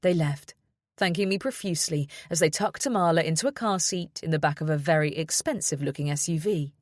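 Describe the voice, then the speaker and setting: A woman narrating an audiobook in the first person at a measured, even pace. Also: low voice, no room sound, studio quality.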